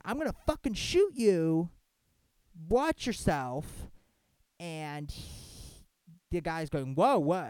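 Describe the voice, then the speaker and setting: A man talking in casual commentary, halting with many restarts and self-corrections, then animated and sarcastic when he acts out what others said. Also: mid-range voice, dry recording.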